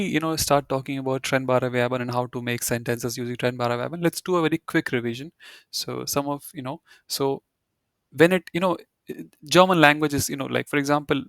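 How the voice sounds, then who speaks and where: A man's voice: mid-range voice, gravelly, a bit bright, no echo, studio quality. A man teaching German in an online video-call class, explaining at an easy pace with many "you know" fillers.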